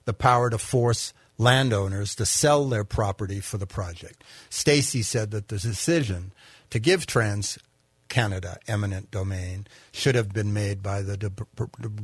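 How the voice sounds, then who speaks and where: Husky, low-voiced male radio co-host. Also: dry recording. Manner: halting, with fillers and restarts when speaking freely. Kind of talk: reading news and casual commentary.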